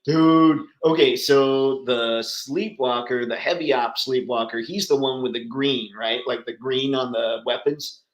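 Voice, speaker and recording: A man's voice: mid-range voice, fairly even intonation, unhurried, few pauses, reverberant, poor audio. A man hosting a casual livestream chat, talking enthusiastically and answering viewers by name. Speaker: livestream host.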